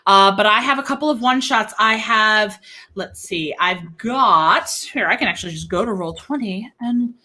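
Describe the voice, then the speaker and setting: A young woman chatting casually in an interview, bubbly and giggly with quick asides. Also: mid-range voice, pushed and bright. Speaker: game master.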